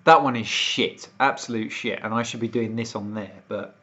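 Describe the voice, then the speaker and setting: A man's voice: fairly low pitch, moderate pace, fairly bright tone. A British man from the United Kingdom ranting and swearing on a casual livestream, getting more worked up as he goes. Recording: dull lo-fi stream audio.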